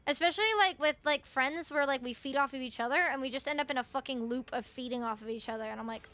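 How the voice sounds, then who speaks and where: Bright high-voiced Canadian woman streamer. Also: fast. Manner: chatty, swears, many fillers. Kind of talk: casual live-stream chat while gaming.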